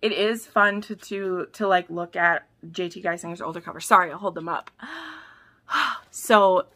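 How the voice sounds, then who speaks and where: Young female book vlogger, excitable and gushing, bright tone, swings from squeals to whispers. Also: on the low side, measured pace. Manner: drops to soft whispers between bursts. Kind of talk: casual vlog unboxing.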